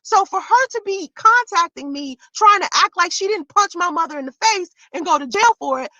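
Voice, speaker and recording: A woman's voice: extremely high pitch, animated, moderate pace, few pauses, pushed and bright, no room sound, rough recording. A woman vlogger telling a story in a casual, profane rant, voice jumping into shrieks of disbelief.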